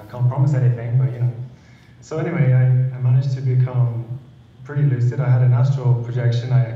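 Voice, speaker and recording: A man's voice: mid-range voice, dark tone, very echoey, recorded from a distance, highs cut off. A man, a panel guest, telling a personal story earnestly and repeating words as he goes.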